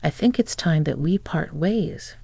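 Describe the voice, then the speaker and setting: A reader voicing a sneering selfish husband. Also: male voice, a little high, lively intonation, a little slow, gravelly, warm tone, no room sound, full character voice. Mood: scornful. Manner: contemptuous, sneering. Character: scornful selfish young husband, a man.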